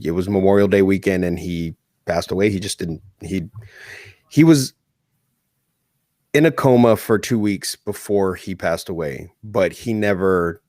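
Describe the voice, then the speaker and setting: A man with a low voice co-hosts a podcast, sharing a personal story in a casual, heartfelt chat packed with swearing. The recording is clean studio sound with no room sound.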